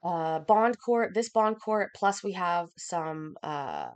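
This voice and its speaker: Woman host on a live stream, kinda hoarse from a cough, lots of ums and likes, talks to chat. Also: on the low side, animated, slow. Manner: chatty, filler-heavy, reads out viewer comments. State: coughing, a bit out of breath. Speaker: livestream host. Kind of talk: casual livestream chat.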